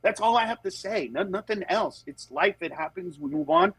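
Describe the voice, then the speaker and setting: Animated man with a husky high voice. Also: moderate pace, no room sound, rough recording. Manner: animated, jumps into acted voices of others; turns earnest and steady when serious. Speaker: comedian guest on a talk show. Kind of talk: casual conversational storytelling.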